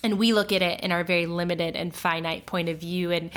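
Animated woman sharing faith on a podcast. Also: on the low side, fairly quick. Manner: animated storytelling with frequent fillers. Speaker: podcast co-host. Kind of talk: casual faith chat.

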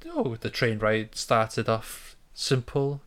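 A man's voice: mid-range voice, takes it slowly, a bit bright. A young man chatting casually, hesitant, stumbling and repeating words as he tells a story. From Britain. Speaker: podcast co-host. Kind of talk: casual chat.

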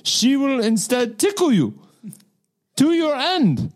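A menacing mock-Russian storyteller, as a man puts him on, leaning hard on a comic accent. He reads slowly and emphatically, in a voice pushed well above his own, with big swoops in pitch. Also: big pitch swings, exaggerated voice. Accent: put-on Russian. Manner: slow, emphatic, clipped reading with a refrain. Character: gruff male mock-Russian narrator, menacing and exaggerated. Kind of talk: comedic put-on voice reading aloud.

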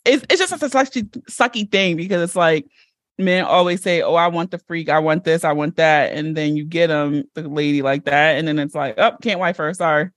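A woman's voice: sits low, normal speed, no room sound, studio quality. A woman hosting a podcast in casual chat, blunt and laughing often. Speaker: podcast host.

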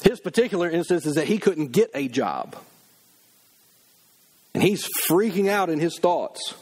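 A man's voice: fairly high pitch, big pitch swings, a little slow, darkish tone, breathy edge. A middle-aged man preaching a sermon, emphatic, acting out the voices of people he quotes. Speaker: pastor.

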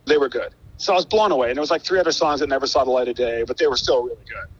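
A man being interviewed as a guest musician, telling a long story in a casual, profane, animated way. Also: mid-range voice, very fast, husky, dull audio. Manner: animated, profane, acts out quoted dialogue.

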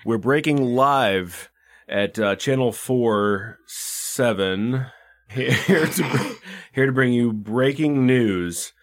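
A man voicing an excitable, pushy male TV news reporter with a put-on Chicago accent, in an improvised comedy bit. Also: mid-range voice, slow. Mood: announcing. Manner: insistent, keeps calling out.

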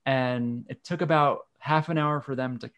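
A man's voice: mid-range voice, fairly even intonation, moderate pace, a bit bright, clean tone. A man, candidly telling a personal story in casual conversation. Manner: candid, frank, occasional swearing. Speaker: guest.

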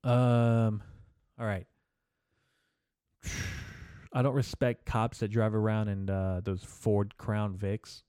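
A man's voice: lowish voice, flat delivery, slow pace, long pauses, warm tone, clean tone, no room sound. A man hosting a podcast, ranting in a profane, rambling, emphatic comedic way into a close mic. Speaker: podcast host. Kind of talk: casual comedic rant.

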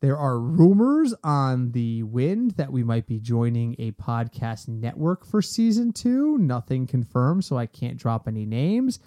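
A man hosting a sports podcast in casual chat, animated and ranting in quick bursts. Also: medium pitch. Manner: animated, talks fast in bursts and rants.

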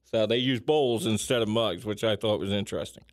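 A man hosting a casual chat, talking in a chatty way with lively emphasis and frequent filler ums. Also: lowish voice, a little fast, no room sound, studio quality.

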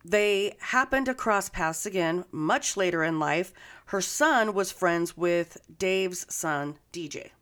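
A woman's voice: lowish voice, slow pace, a bit bright, clear, resonant tone. A woman co-hosting a podcast, telling a true-crime story in a casual, profane, joking way. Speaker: podcast co-host.

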